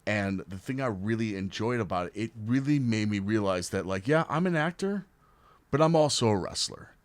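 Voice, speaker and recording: Animated young man telling stories. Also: lowish voice, moderate pace, no room sound. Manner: animated storyteller, acts out quoted voices loudly. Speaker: podcast guest. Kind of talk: casual chat.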